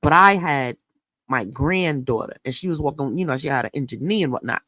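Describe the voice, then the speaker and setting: A middle-aged woman from New York State, hosting an astrology channel and telling a story in a casual, animated, profane and slangy way. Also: a bass voice, fairly quick, no echo.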